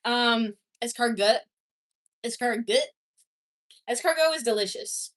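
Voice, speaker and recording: A woman's voice: on the high side, moderate pace, a bit bright. Chatty young woman streamer, casual. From Canada. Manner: chatty, swearing, laughs easily, reacts to comments. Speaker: streamer reading chat. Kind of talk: casual livestream chat.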